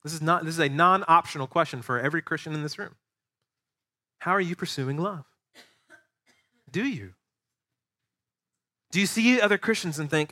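A man, a pastor preaching a sermon to his church, animated and acting out voices of the people he describes. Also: a little high, moderate pace, pauses often. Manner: animated, acts out quoted voices. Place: church sanctuary.

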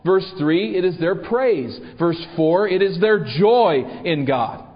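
Male preacher, slightly high voice, posing rhetorical questions; muffled recording in a reverberant church. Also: lively intonation, slow pace. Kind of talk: sermon.

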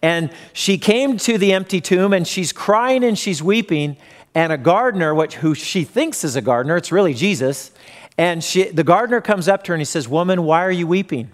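A man's voice: high-pitched, expressive, moderate pace. A man preaching a sermon, retelling a story and briefly acting out the voices in it. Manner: storytelling, acts out quoted voices. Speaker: pastor.

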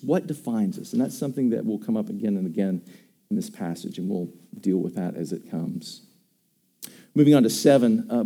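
A man preaching a sermon in a very dark, mellow voice. He talks with emphasis and keeps putting questions to his congregation. His tone is conversational. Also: mid-range voice. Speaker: pastor.

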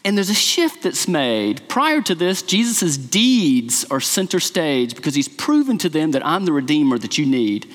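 Male pastor with a high voice, earnest rhetorical preaching, recorded in a reverberant church. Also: sing-song, measured pace. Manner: earnest teaching with rhetorical questions. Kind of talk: sermon. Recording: long hall reverb.

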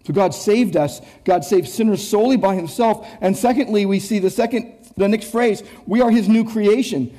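Preaching an expository sermon, this male pastor has a high voice with a dark tone and keeps a moderate pace with hardly any pauses. He is emphatic and repeats himself, often restarting words while addressing the congregation directly and rhetorically.

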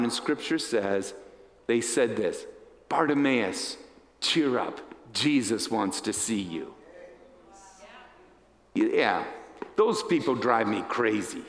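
A pastor preaching a storytelling sermon, dramatic and animated, acting out the characters as he goes. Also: mid-range voice, creaky, a little hiss or hum. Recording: echoey hall reverb.

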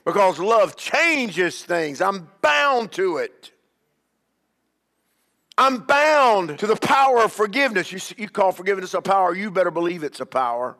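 A man's voice: sits high, expressive, moderate pace, sharp tone, in a large hall. A man preaching as a bishop, emphatic, with call-and-response and repeated questions to the congregation. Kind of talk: sermon.

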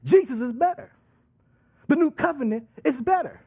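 A man preaching a sermon with emphatic, drawn-out delivery and call-and-response asides. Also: extremely high pitch, wildly swooping pitch, darkish tone, slightly rough.

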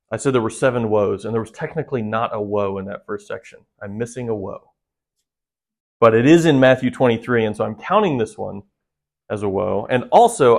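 A man preaching a sermon. He talks straight to his listeners, earnest and direct, and keeps asking them rhetorical questions. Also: mid-range voice. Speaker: pastor.

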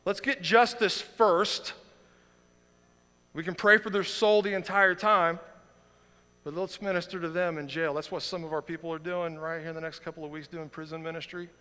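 A man in his thirties preaching a sermon as pastor, impassioned and swinging from quiet to loud outrage. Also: a little high, steady tone, normal speed, smooth. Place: church sanctuary. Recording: long reverb of a large hall.

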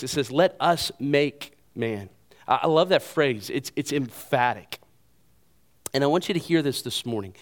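A male pastor delivering a sermon in an earnest, emphatic way, repeating key phrases and pausing for weight. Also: mid-range voice.

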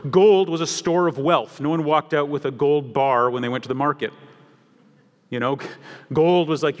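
A man's voice: fairly high pitch, in a large hall. A man preaching an expository sermon, building to emphatic repetition. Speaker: pastor.

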